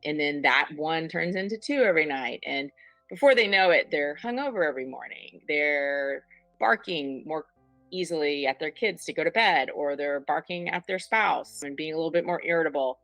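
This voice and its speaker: Low voiced woman therapist explaining stuff, dry mic, faint music under. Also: lively intonation, moderate pace, fairly bright tone, no room sound, low-quality recording. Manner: explanatory, illustrative, acts out examples. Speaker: couples therapist. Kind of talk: panel discussion.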